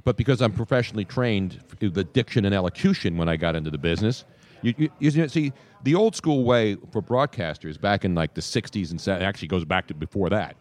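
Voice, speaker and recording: An older man hosting a live sports radio show, talking in an animated way with trained broadcaster diction and a slight South Philly accent. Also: on the low side, fast talker. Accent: slight South Philly under trained broadcast diction. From South Philadelphia. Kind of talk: casual radio talk. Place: radio row booth at a live event.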